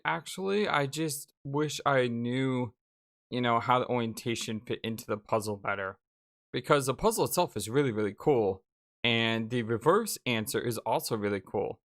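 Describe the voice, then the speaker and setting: A man's voice: medium pitch, a bit bright. A man hosting a let's play, giving casual, rambling gameplay commentary with many fillers.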